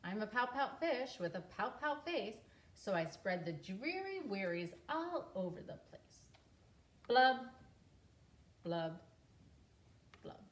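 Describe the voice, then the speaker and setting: Glum little boy fish that pouts, sing-songy and slow, read by a woman, roomy echo. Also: mid-range voice, sing-song, a little hiss or hum. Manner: mopey sing-song refrain. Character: glum pouty male fish.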